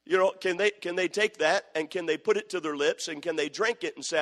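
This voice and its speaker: A man's voice: sits high, fairly quick, fairly bright tone. A man preaching a sermon, firmly repeating questions to the congregation and quoting verses in old scripture wording. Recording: long hall reverb.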